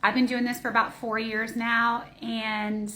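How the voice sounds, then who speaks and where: A woman's voice: a little high, little pitch movement, unhurried, pushed and bright. A woman caregiver speaking in a weary, subdued, plain-spoken way about her stress. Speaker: family caregiver. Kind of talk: personal reflection to camera.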